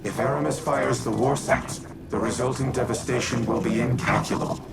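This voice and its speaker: A man voicing a grave, ancient male warmind AI in a video game, giving formal, measured commands. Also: medium pitch, steady tone, creaky, very noisy. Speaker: game character. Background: loud game music.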